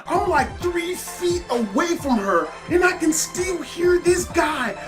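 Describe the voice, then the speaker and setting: A man's voice: extremely high pitch, big pitch swings, slow pace, faint music behind. A man telling a wild personal story in casual, profane storytime style, full of slang fillers. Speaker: storytime YouTuber.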